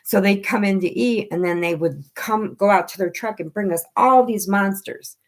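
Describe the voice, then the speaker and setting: A woman chatting casually on a home live stream, telling lively stories and acting out what people said. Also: medium pitch, normal speed. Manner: animated storyteller who acts out quoted voices.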